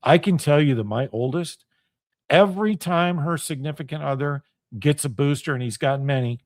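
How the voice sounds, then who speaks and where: A man's voice: on the high side, moderate pace, no echo, studio quality. A middle-aged man hosting a radio show, delivering a heated, profane solo monologue with an intense, ranting manner.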